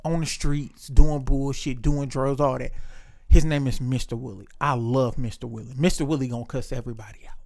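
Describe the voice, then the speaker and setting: A man's voice: medium pitch, steady tone, a little fast, vocal fry, a little mellow. A man in casual chat, telling stories in a loose, profane way and acting out the voices of other people.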